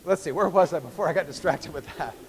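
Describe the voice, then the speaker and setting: Give me a male professor lecturing casually in a reverberant lecture hall, a bit high-voiced. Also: fast, breathy edge. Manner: conversational, with fillers and restarts. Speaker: biochemistry professor. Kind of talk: university lecture.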